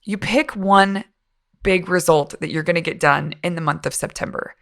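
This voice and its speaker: A woman hosts a casual solo podcast from home, her fairly low voice still a little rough from the morning. She talks in an upbeat, encouraging way, like a coach cheering on her listeners. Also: normal speed, fairly bright tone. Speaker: podcast host.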